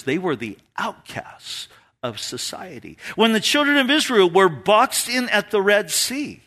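A man pastor delivers a sermon in a fairly high, bright voice that swings up and down with feeling. He tells stories in an animated way and laughs along with them, speaking to a church congregation. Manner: storytelling, animated, laughs at his own stories.

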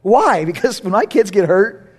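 High-voiced emphatic male pastor preaching. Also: animated, moderate pace, a little mellow, breathy edge. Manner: emphatic, repeats key phrases, playful asides. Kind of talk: sermon.

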